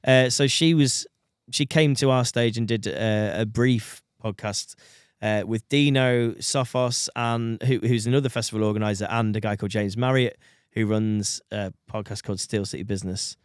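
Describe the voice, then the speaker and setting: Wry man with smooth voice. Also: on the low side, fairly even intonation, moderate pace, dry recording, clean studio sound. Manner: wry, opinionated, jokey. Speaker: podcast co-host. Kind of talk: casual chat.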